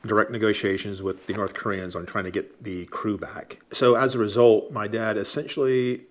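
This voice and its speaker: A man, the officer's son, explains the history in measured scripted narration. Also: fairly low pitch, steady tone.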